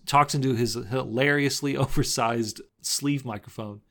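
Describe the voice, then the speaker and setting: Man, co-host recaps film plots in a loose rambling chat, laughs easily, mid-pitched. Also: measured pace, pushed and bright. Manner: rambling, laughs often while retelling scenes. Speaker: podcast co-host. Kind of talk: casual movie recap chat.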